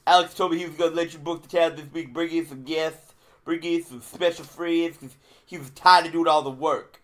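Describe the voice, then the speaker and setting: A man's voice: on the high side, steady tone, fairly quick, natural voice. A man doing an impression of a boastful, drawling old wrestling legend who teases his co-host and calls him baby. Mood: boastful teasing. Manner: swaggering, teasing, calls people baby. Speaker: podcast co-host. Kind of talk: comedic impression.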